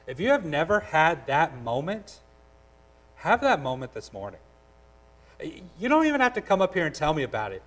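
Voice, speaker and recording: A man's voice: fairly high pitch, wildly swooping pitch, moderate pace, a bit bright, rough recording. A pastor delivers a sermon in a slightly raised male voice. He speaks directly and earnestly, driving points home with repeated phrases. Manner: acts out voices in a told story.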